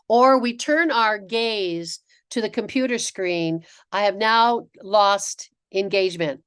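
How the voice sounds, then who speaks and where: Middle-aged woman giving a webinar talk. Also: mid-range voice. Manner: animated storytelling with acted-out quotes, frequent restarts. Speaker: dental practice consultant. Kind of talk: webinar presentation.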